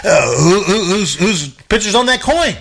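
A man's voice: high voice, expressive, moderate pace, fairly bright tone, slightly rough. A man teaching a conversational Bible study, emphatic, often repeating words and acting out quotes as he retells stories.

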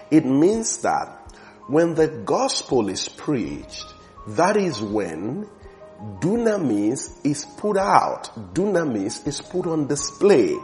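A man preaching a sermon with fervent emphasis, slowing down and stretching the words he wants to land. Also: mid-range voice, darkish tone.

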